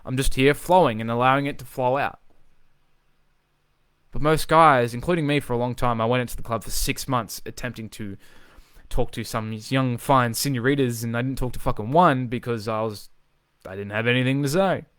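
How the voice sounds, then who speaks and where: A man coaching in a live, unscripted video, talking with energy and driving points home by repeating himself, swearing as he goes. His voice is smooth and resonant at a middling pitch. The sound is dry and close. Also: normal speed, dry recording. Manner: energetic, emphatic, swears freely, repeats phrases for emphasis. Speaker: social confidence coach.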